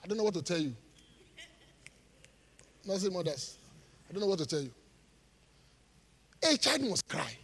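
High, lively pastor preaching live. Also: male voice, normal speed, long pauses, slightly rough. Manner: call-and-response, leaves gaps for the congregation to finish verses; jokes and laughs with the congregation. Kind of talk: live sermon. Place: church auditorium. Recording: live church hall reverb.

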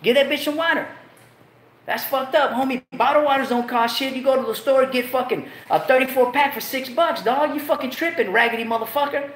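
A man's voice: very high-pitched, a little fast, few pauses, fairly bright tone, echoey room. A man hosting his own show in a casual rant, full of profane street slang and repeated lines. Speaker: show host.

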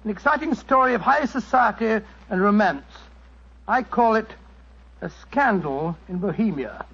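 An actor with a British accent playing a bluff, kindly older doctor in a 1940s radio show, blustering and amiable. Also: male voice, high-pitched, expressive, measured pace, a bit bright, slightly rough, full character voice. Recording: dull old radio broadcast.

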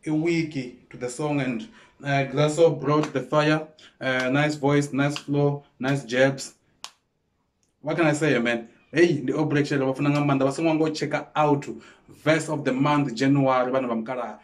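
A man with a South African Venda accent who hosts a music reaction show. He gives casual, hesitant commentary, with many pauses and fillers and frequent switches between languages. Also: mid-range voice, fairly even intonation.

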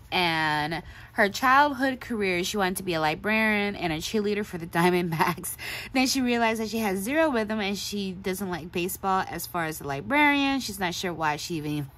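A woman's voice: medium pitch, expressive, normal speed, fairly bright tone. A woman hosting a craft video, gushing in a casual show-and-tell chat and laughing often. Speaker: craft channel host.

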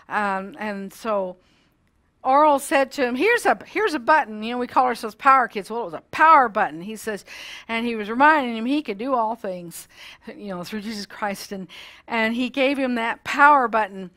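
A woman telling a Bible-lesson story to children in an expressive way, speaking directly to her young listeners. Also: fairly high pitch, moderate pace. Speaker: children's ministry teacher.

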